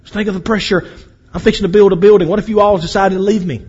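A man preaching a sermon, acting out voices and swinging between loud and quiet. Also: high-pitched, steady tone, fast talker, husky, highs cut off. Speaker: pastor. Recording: echoey hall with long reverb.

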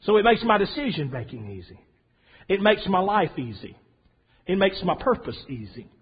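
A man preaching a sermon in a folksy, storytelling way, swinging from soft asides to loud emphasis. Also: sits high, sing-song, moderate pace, slightly rough. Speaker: pastor. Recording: dull lo-fi sound.

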